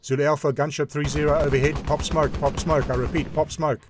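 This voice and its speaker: A man voicing a calm, almost bored helicopter gunship pilot with an English accent, giving clipped radio calls. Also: mid-range voice, fast, over music, natural voice.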